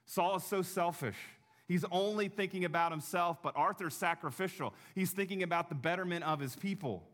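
A man's voice: high voice, fairly bright tone. Earnest man preaching a sermon. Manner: earnest, slows down for emphasis. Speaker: pastor.

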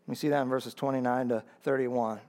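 A man preaching a sermon as pastor. He drops to low, earnest asides, then climbs to loud, high emphatic peaks, repeating phrases for emphasis and calling out to the congregation. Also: fairly even intonation, fairly quick.

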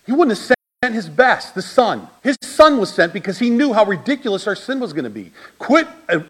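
Middle-aged male pastor, sermon delivery, fairly high voice, swings from hushed lows to loud peaks. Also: a little fast, slightly rough. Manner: animated preaching, swinging from low and quiet to loud high shouts.

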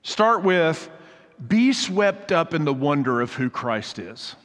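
A man's voice: fairly high pitch, sing-song, slow pace, fairly bright tone. Earnest male pastor in a reverberant hall. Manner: earnest, exhorting, repeats phrases for emphasis. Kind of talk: sermon ending in prayer. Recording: long reverb of a large hall.

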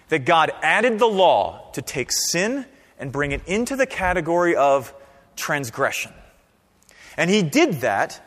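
A pastor preaching a sermon in a conversational, animated way, often checking in with the congregation. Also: male voice, on the high side, in a large hall. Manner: conversational, animated preaching with frequent "right?" and "okay?".

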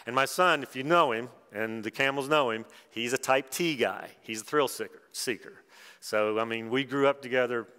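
A middle-aged man, preaching a sermon and telling personal stories, dropping quiet and then rising loud and excited. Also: medium pitch, moderate pace, clean tone. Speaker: pastor. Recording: long hall reverb.

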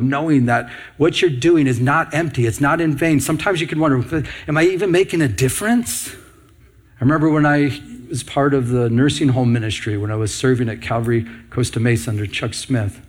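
A man preaching with a husky, slightly breathy voice at a middling pitch. He builds his points through repetition and rhetorical questions, earnest and steady. He sounds like a pastor addressing a congregation. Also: brisk. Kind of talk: sermon.

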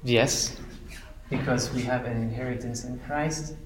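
A man's voice: medium pitch, fairly even intonation, measured pace, reverberant, noisy background. A man teaching an adult Sunday school class on scripture, emphatic, repeating key phrases and asking the class questions. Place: church classroom.

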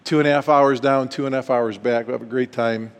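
A man's voice: medium pitch, fairly even intonation, fast, clear, resonant tone. A middle-aged man speaking at a retreat, telling a personal story and acting out the dialogue with animation. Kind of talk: storytelling talk. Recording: long hall reverb.

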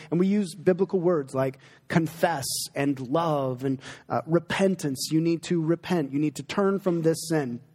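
A man's voice: a little high, darkish tone. Earnest man preaching in a reverberant hall. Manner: earnest, conversational, emotional in places. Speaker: pastor. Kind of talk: sermon Q&A with congregation. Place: church sanctuary.

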